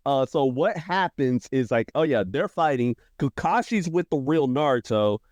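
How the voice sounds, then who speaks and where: A man in casual podcast chat, walking through an anime story with lots of energy and slipping into character quotes. His voice sits at an ordinary pitch, recorded dry and close with no room sound. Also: normal speed, no room sound. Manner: animated, acts out character quotes with shifting pitch. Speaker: podcast co-host.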